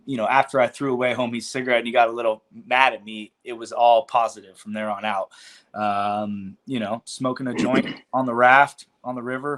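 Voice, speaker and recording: A man's voice: medium pitch, a bit bright. Man, forties, from California, podcast guest, laid-back, slangy, swearing, rambling storyteller. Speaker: podcast guest, cannabis business founder. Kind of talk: casual storytelling interview.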